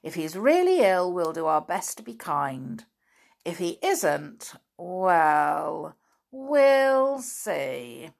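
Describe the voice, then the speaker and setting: A woman's voice: lowish voice, big pitch swings, extremely slow, creaky, heavily acted. A woman voicing a sly, grinning male squirrel shopkeeper in a children's storybook, amused and teasing.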